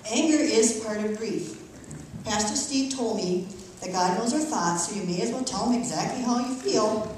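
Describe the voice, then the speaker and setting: A woman's voice: medium pitch, a little mellow, slight background noise. Middle-aged woman reading testimony in church. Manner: earnest, emotional, measured reading. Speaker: church member giving testimony. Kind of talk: reading a personal testimony aloud. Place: church sanctuary. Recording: echoey church from far off.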